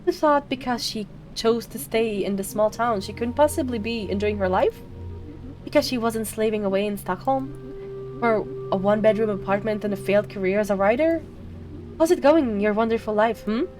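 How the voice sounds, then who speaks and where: A woman's voice: fairly high pitch, moderate pace, darkish tone, faint music behind, close to an everyday voice. A woman voicing a bitter, grieving sister in a video game, cutting and sarcastic. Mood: scornful.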